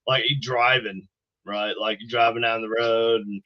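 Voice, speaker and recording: Laid-back American podcast host, dude-talk. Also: male voice, medium pitch, flat delivery, unhurried. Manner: laid-back, trails off, uses bro and dude. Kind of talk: casual podcast chat. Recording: slightly dull, dry sound.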